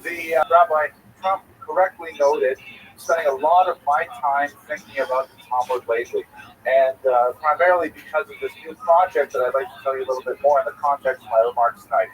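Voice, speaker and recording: A middle-aged man, a rabbi giving a Talmud class, telling a personal anecdote in a rambling way with many fillers and restarts, a little flustered after rushing in. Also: fairly high pitch. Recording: distant mic with faint noise.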